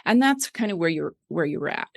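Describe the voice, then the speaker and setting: A middle-aged woman talks things through in a lower voice, animated and chatty, tagging her points with "right?". She explains the way a coach would in a relaxed conversation. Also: normal speed, gravelly. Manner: animated, many "right?" tags and fillers. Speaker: guest, wellness coach.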